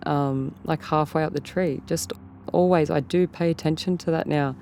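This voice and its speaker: A woman's voice: low voice, a little slow, darkish tone, a little hiss or hum. A woman with an Australian accent, telling an interviewer a story in a rambling way and often repeating and rephrasing herself. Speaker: interview guest. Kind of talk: casual storytelling.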